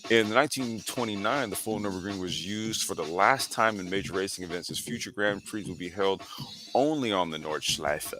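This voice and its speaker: A man's voice: fairly low pitch, normal speed, music in the background. A man hosting a casual sim racing talk show, reading history aloud with lots of fillers and slang. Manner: laid-back, slangy, reads history aloud with frequent fillers. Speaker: podcast host.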